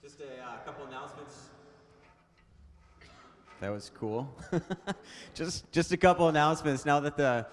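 A man gives church announcements in a relaxed, hesitant way. His voice sounds roomy and echoey, with a long reverb tail from the church hall. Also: a little high, a little slow, long pauses, slight background noise. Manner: relaxed, hesitant, filler-heavy. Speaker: pastor. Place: church sanctuary.

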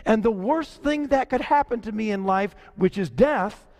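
A man preaching a sermon as pastor, in a conversational way that slows down to stress key lines. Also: sits high, animated, darkish tone. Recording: long hall reverb.

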